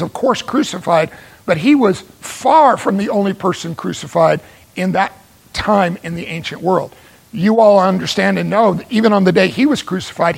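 High, gravelly preacher man. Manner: emphatic, repeats phrases for stress; asks rhetorical questions. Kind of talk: sermon.

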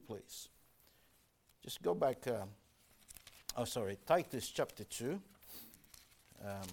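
A man preaching a sermon, earnest and emphatic, reading scripture aloud and stressing his warnings. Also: a little high. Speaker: pastor.

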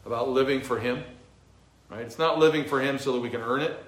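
A man's voice: mid-range voice, a little fast, reverberant. A male pastor teaching a verse-by-verse sermon, emphatic, with a few fillers. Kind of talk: expository sermon.

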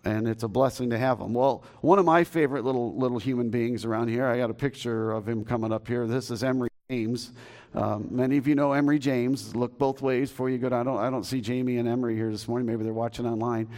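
A man's voice: medium pitch, steady tone, quick pace, darkish tone. A man in his fifties preaching a sermon as pastor in a church, telling stories in a folksy, joking way with many restarts. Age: 50s. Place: church sanctuary.

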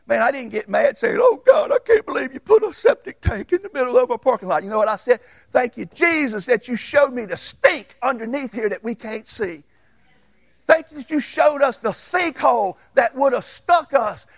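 A man preaching a folksy, storytelling sermon as pastor in a church, swinging between loud and hushed. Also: sits high, gravelly, slightly rough, dry recording. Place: church sanctuary.

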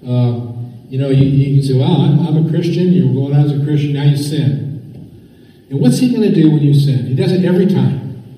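A man's voice: medium pitch, normal speed, dark tone. A man preaching a sermon, asking the listeners rhetorical questions and repeating key phrases. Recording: echoey hall, voice from far off.

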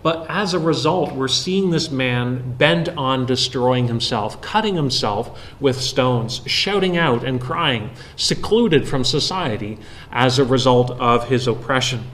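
A man preaching an expository sermon, explaining a Bible passage verse by verse with frequent pauses. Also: mid-range voice, lively intonation, fairly bright tone, a little hiss or hum.

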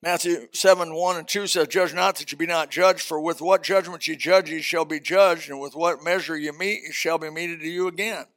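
A man preaching a sermon as pastor, animated and folksy, swinging from loud emphasis to quiet asides. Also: on the high side, normal speed, few pauses.

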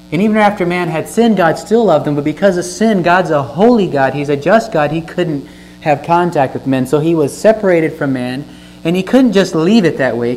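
A man's voice: a little high, a little mellow, rough recording. Male pastor, earnest sermon delivery, stresses key words, faint electrical hum behind. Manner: earnest teaching, stresses words, asks the listeners questions. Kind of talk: sermon with scripture reading.

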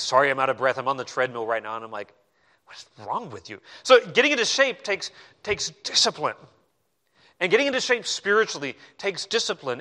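A male pastor delivering a sermon with a bright, forceful tone and a voice set a little higher than most men's. He preaches in an animated, conversational way and drops in self-deprecating asides.

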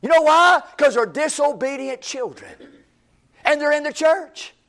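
A man's voice: extremely high pitch, measured pace, bright, forceful tone. A male preacher, delivering a sermon in a church with a repetitive, emphatic cadence.

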